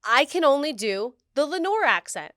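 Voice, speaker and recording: A woman's voice: high-pitched, sing-song, moderate pace, pushed and bright, no room sound, clean studio sound. A woman hosting an interview from home, chatting in a bubbly, self-deprecating way and saying "like" often. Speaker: interview host. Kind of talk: casual chat.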